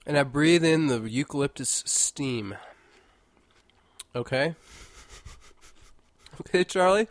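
A man's voice: mid-range voice, takes it slowly, long pauses. A congested man hosting a casual solo monologue, rambling and jokey with mock-indignant asides, indoors at home. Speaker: podcast host.

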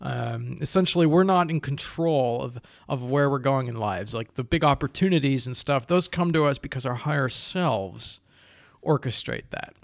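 A man's voice: medium pitch, animated, moderate pace, vocal fry, dry recording, clean studio sound. A young man hosting a casual solo podcast from indoors at home, talking in a rambling, self-mocking way with frequent restarts. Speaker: podcast host. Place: indoors at home with a heater running.

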